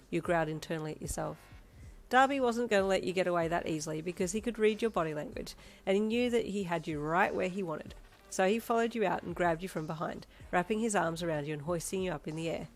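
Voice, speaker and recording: A woman narrating a second-person fan-fiction story in a steady, intimate way. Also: on the low side, fairly quick.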